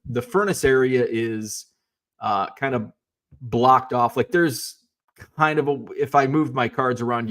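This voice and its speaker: A middle-aged man casually telling a story in his home basement, rambling with lots of fillers and restarts and the odd swear word. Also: mid-range voice. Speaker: card collector and seller. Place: home basement shipping room.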